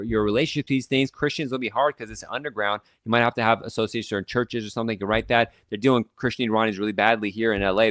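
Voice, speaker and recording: A man hosting an immigration talk, talking fast and excitedly with many restarts and fillers, a Farsi speaker. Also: mid-range voice, no room sound. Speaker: immigration lawyer hosting a channel. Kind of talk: casual explainer talk to camera.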